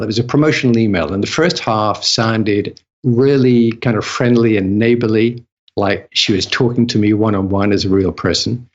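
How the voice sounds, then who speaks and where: A man giving an interview as a copywriting guest, chatty and casual, often restarting and repeating words mid-sentence. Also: mid-range voice. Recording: slightly dull lo-fi audio.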